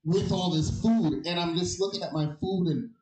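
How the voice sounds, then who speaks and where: A man doing a stand-up set, telling stories loudly and animatedly with shouted quotes. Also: sits high, steady tone, moderate pace, reverberant, low-quality recording. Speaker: stand-up comedian.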